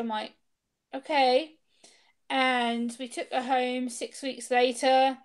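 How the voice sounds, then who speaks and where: A young woman tells a personal story over a video call. Her voice sits a little high, and she jumps into the voices of the people she quotes. The delivery is casual and lively. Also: slow pace, clear, resonant tone. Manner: animated, acts out quoted exchanges. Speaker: interview guest.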